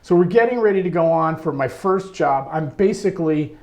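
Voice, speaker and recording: A man being interviewed, telling a long anecdote about his music career in a lively way, laughing often. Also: on the high side, a little fast, vocal fry. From United States. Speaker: interview guest, trombonist. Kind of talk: storytelling in casual interview.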